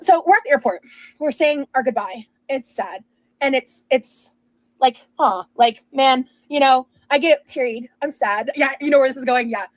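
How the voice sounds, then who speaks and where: A woman's voice: high voice, normal speed, dry recording, rough recording. A young woman telling a rambling personal story in casual chat, with lots of fillers and restarts. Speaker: streamer and podcast host.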